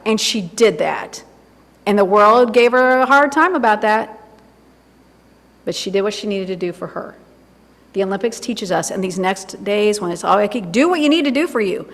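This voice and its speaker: A woman's voice: mid-range voice, lively intonation, moderate pace. A woman minister giving an informal, chatty sermon full of asides to herself. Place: church sanctuary. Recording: long reverb of a church hall.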